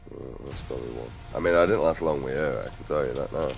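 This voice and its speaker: Middle-aged man, gravelly very low voice, crude outspoken vlog rambler. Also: fast talker, soft background music. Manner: crude, outspoken, mumbling asides. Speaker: vlogger. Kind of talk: rambling casual monologue.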